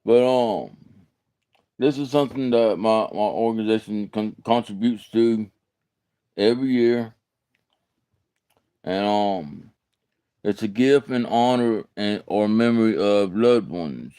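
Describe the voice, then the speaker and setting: A man with a Southern American accent chats on his livestream, answering viewers in a loose, folksy ramble that stalls and repeats words. His voice sits on the lower side and sounds smooth, recorded dry and close. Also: takes it slowly, pauses often, warm tone, no echo. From Alabama, USA. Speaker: livestream host. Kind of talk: casual livestream chat answering comments.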